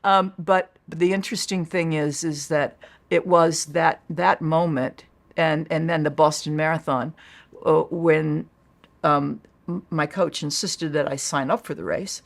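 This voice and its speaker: An older woman as an interview guest, telling her own story in a lively way and acting out the voices she quotes. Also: low-pitched, unhurried, creaky.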